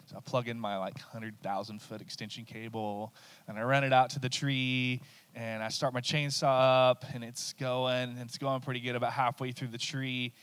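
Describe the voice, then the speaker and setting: Conversational middle-aged preacher in a dry room. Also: male voice, medium pitch, a bit bright, no room sound. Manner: conversational, checks in with listeners. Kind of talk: sermon teaching.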